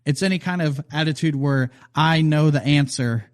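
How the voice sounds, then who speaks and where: A man's voice: a little high, moderate pace. A man with a Hoosier twang from Indiana, a comedian chatting loosely on a podcast and now and then slipping into mock voices. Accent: Indiana Midwestern. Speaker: comedian guest. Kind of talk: casual podcast chat.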